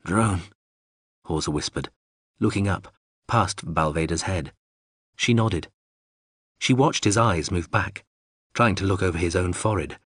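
Husky, low-voiced male audiobook narrator. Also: a little slow, long pauses, a bit bright, dry recording, clean studio sound.

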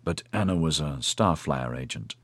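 A man voicing a weary revived male convict who speaks in a low, terse growl. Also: lively intonation, normal speed, no room sound, studio quality. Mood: grim.

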